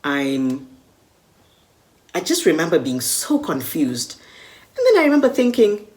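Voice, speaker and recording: A woman's voice: low voice, wildly swooping pitch, unhurried, pauses often, darkish tone. A Kenyan woman recounting a personal story vividly and acting out the dialogue. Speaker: media personality recalling a con.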